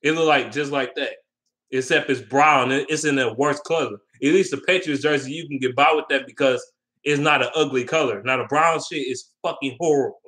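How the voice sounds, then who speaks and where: A man's voice: medium pitch, fairly quick, a bit bright. A man ranting heatedly and with lots of swearing on his vlog, repeating his points and taking viewer questions. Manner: heated, profane, repetitive ranting. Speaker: vlogger. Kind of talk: casual sports rant.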